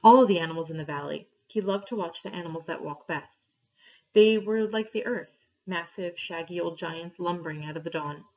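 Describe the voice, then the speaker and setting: A woman reading a story aloud to her class, clear and steady, pausing for questions. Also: fairly low pitch. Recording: dull lo-fi recording.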